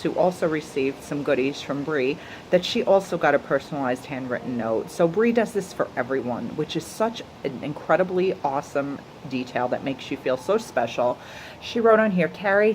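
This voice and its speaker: A woman's voice: deep voice, a little hiss or hum, rough recording. A woman vlogger, chatty and gushing, unboxing and reviewing jewelry to a camera. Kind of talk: casual unboxing chat.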